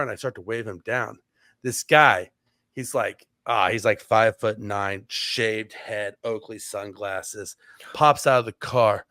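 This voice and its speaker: A man's voice: fairly low pitch, bright, forceful tone, no room sound, studio quality. A man on a podcast telling a long story casually, with many "like" fillers and restarts. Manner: rambling, heavy on "like" fillers and restarts. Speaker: podcast co-host.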